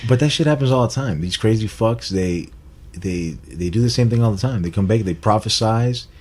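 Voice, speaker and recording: A man with a low, husky voice rants through a casual podcast chat. He swears freely and jokes as he rambles. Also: a little fast, darkish tone. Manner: profane, rambling, joking. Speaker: podcast co-host. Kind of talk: casual banter.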